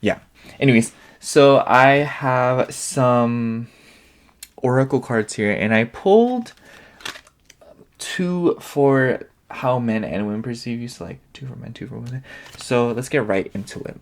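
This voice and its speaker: A man's voice: mid-range voice, a little hiss or hum. A man giving a casual pick-a-card tarot reading, rambling and filling nearly every phrase with "like". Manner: rambling, filler-heavy, leans on "like" constantly. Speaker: tarot reader.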